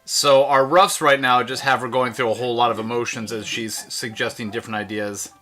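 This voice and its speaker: A man's voice: medium pitch, fairly even intonation, fairly quick, sharp tone. A man co-hosting a casual livestream, explaining things at length in a loose, rambling way with plenty of fillers. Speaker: livestream co-host and animator.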